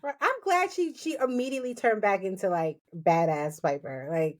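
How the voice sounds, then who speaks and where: Woman, co-host, lively swooping intonation, casual banter. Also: medium pitch. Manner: quick reactions, laughs and backchannels. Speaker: podcast co-host. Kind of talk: casual chat.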